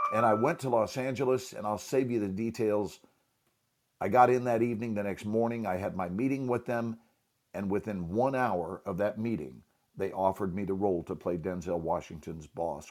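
A man who is both an actor and a teacher appears as a guest to tell a motivational story, his voice medium in pitch and a little mellow. He speaks emphatically and performs the dialogue as he goes.

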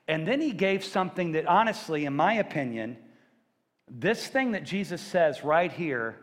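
A fairly high-voiced man delivers a sermon, lively and joking, now and then bursting into acted-out shouts. His voice rings with the long reverb of a big church hall. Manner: animated, joking, acts out loud screams and shouts. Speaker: pastor.

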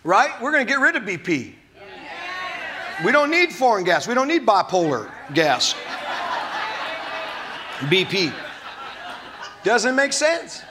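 A man preaching a sermon from the United States, animated, asking the congregation rhetorical questions and acting out quotes. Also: high voice, takes it slowly, long pauses, a crowd in the background, noisy background. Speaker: pastor.

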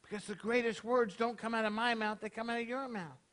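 A man's voice: very high voice, steady tone, fairly quick, a bit bright. A man, a rabbi preaching a casual, conversational sermon to his congregation, tossing out rhetorical questions. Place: congregation hall.

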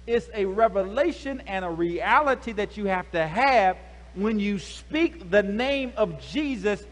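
A male pastor preaching a lively sermon, calling out to the congregation with casual slang. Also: sits high, unhurried. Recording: echoey hall, faint hum.

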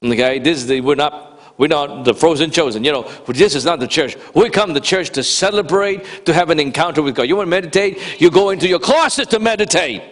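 A man preaching a sermon, animated and conversational, rising to shouts for emphasis and talking directly to the congregation. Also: a little high, a little fast. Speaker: pastor. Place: church sanctuary. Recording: long reverb of a church hall.

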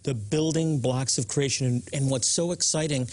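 A man's voice: mid-range voice, moderate pace, darkish tone. Earnest male talk show host. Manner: earnest, stresses points for viewers. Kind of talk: religious TV talk.

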